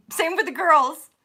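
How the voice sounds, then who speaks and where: Her voice is high, pushed and bright. She's a spiritual coach hosting a livestream, chatting casually with viewers and reading their comments, swearing freely and laughing often.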